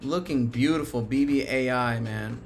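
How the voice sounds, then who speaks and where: A man hosting a live stock market stream, talking excitably and with plenty of profanity, swinging between cheering and panic as prices move. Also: mid-range voice, normal speed, soft background music. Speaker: stock market livestream host.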